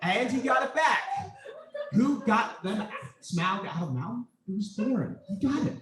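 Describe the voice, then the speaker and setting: A man's voice: high-pitched, animated, normal speed, fairly bright tone, slight background noise. A man giving a playful, joking impromptu speech. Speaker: student speaker. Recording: echoey room, distant mic, audience.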